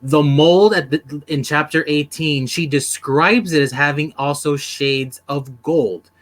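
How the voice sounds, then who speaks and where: A man's voice: on the high side, a little slow, a bit bright. Man rambling through book analysis. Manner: rambling, analytical, repeats himself. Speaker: book club podcast host. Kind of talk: casual book discussion.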